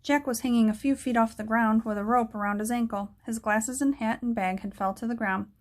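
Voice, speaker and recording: A woman narrating a children's book aloud in a steady storytelling manner. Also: fairly high pitch, fairly quick.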